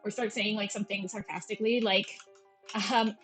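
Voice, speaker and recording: A woman's voice: medium pitch, steady tone, moderate pace, a bit bright, poor audio. A woman in her thirties with a Valley Girl voice, rambling and self-deprecating in casual gameplay commentary. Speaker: gameplay streamer. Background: faint game music.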